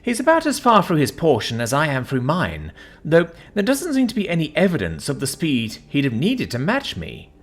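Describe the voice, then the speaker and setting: A man narrating a science fiction story in an expressive, animated way. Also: on the high side, moderate pace, few pauses, slightly rough.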